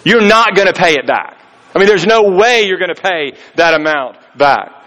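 Man preaching, slightly high voice, casual storytelling tone, acts out quotes. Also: lively intonation, normal speed, fairly bright tone, poor audio. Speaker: pastor. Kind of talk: sermon.

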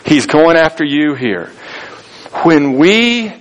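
A man's voice: a little high, big pitch swings, slow pace, lo-fi sound. A man preaching a sermon in a conversational storytelling way, acting out the voices of people he quotes. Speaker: pastor.

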